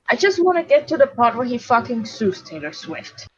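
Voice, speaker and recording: A woman's voice: fairly high pitch, sing-song, normal speed, breathy edge. A woman from Switzerland with a Swiss German accent, chatting casually and swearing freely on a late-night stream. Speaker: stream co-host. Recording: dull, lo-fi stream audio.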